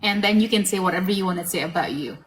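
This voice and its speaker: A woman's voice: on the low side, rapid-fire, slight background noise, rough recording. A woman with a Filipino accent hosting a casual interview, chatty and reassuring as she switches between Tagalog and English.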